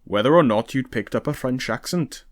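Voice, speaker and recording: A man's voice: medium pitch, animated, moderate pace, no echo, clean studio sound, natural voice. A man reading aloud, voicing a playful, mocking young nobleman who drawls his jokes. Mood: drawling.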